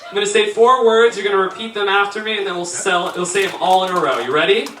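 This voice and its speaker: A man with a high-pitched voice, performing stand-up on a small theater stage. His delivery is punchy and teasing as he works the crowd. The sound is echoey and distant, with loud noise behind him. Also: steady tone, quick pace. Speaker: stand-up comedian. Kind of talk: stand-up comedy set with crowd work.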